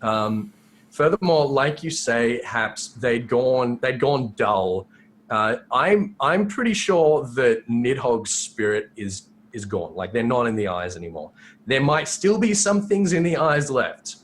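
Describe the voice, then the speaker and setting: A man's voice: medium pitch, expressive, slow pace, a little hiss or hum. A man co-hosting a podcast, rambling through a casual discussion with many fillers and restarts. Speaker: podcast co-host.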